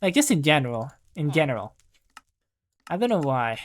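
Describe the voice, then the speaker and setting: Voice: mid-range voice, big pitch swings, moderate pace. A young adult gaming host rambling through casual gameplay commentary at a desk mic, filling with lots of "like" and poking fun at themself. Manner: rambling and self-deprecating, heavy use of "like".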